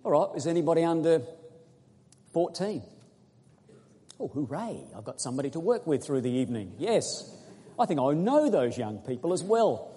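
A man preaching a sermon, quizzing his congregation and reading scripture slowly and earnestly. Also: on the high side, sing-song, warm tone, slight background noise. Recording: echoey hall recording.

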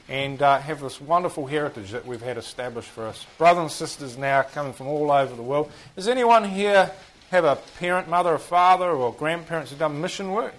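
A man with a fairly high pitch and a New Zealand accent talks a little fast while teaching a Bible class. Quizzing the group and making fun of himself, he comes across as chatty and self-deprecating, in a low-quality recording.

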